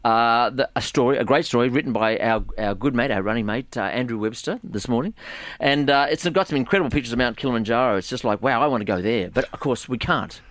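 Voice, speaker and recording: Fast-talking joking man. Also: mid-range voice, a bit bright, no room sound. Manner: joking, teasing. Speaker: podcast co-host. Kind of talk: casual chat.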